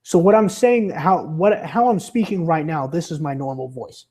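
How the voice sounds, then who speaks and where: A young man livestreaming and chatting with viewers, stammering and restarting a lot, his voice rough from a sore throat and his pitch wandering up and down. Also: moderate pace, a little mellow. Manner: rambling, stammering, with many restarts; pitch fluctuates, drifting into a bouncy entertainer's voice. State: sore throat from being sick. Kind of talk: casual chat reading viewer comments.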